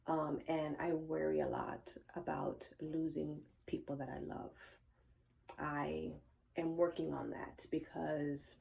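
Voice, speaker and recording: An older woman talking earnestly and emotionally to her viewers in a personal reflective monologue, with many fillers and soft trailing asides. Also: low voice, gravelly. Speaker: vlogger.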